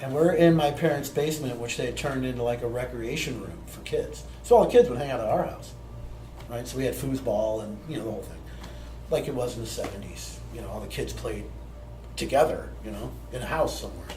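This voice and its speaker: A man's voice: mid-range voice, brisk, noisy background. A man in his forties, a plant medicine teacher, telling a personal story to a live group in a conversational way, often checking in with "right?". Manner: conversational, peppered with tag questions. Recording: roomy echo with faint ambience.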